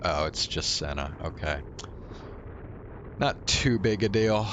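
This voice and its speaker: A man's voice: deep voice, lively intonation, slow, long pauses, background noise. A man reading a visual novel's narration aloud and casually commenting as he plays, sometimes swearing. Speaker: game player.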